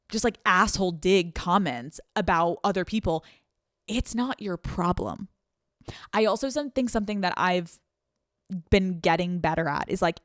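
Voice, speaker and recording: On a dry, studio-quality recording, a woman with a fairly low voice hosts a solo advice podcast. Candid and profane, she acts out the people she quotes.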